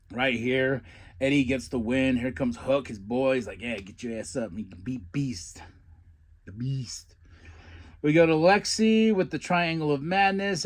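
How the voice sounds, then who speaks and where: Excitable man rambling through a wrestling recap. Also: on the high side. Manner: excitable, rambling, laughs often. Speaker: podcast host.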